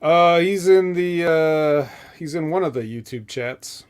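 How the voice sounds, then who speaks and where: A man co-hosting a casual wrestling podcast in a relaxed way, reading out viewer comments. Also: a little high, measured pace, a crowd in the background. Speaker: podcast co-host. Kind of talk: casual wrestling show chat.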